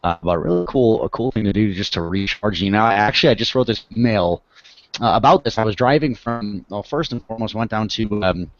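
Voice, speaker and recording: A man's voice: lowish voice, fairly quick, no room sound. A man co-hosting a live online training, chatting in a laid-back, joking way. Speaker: co-host. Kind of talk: casual live webinar chat. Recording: dry, dull online call audio.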